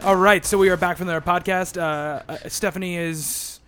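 A man hosting a casual comics podcast, quick and joking, with lots of ums and restarts. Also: sits high, steady tone, sharp tone, faint music behind. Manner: quick, joking, filler-heavy delivery. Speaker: podcast host.

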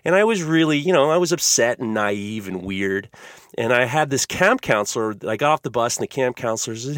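A man's voice: a little fast, dry recording, studio quality. A man co-hosting a podcast, telling a long anecdote in casual chat and acting out the voices of the people in it. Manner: animated storyteller, acts out voices with big pitch swings. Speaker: podcast co-host.

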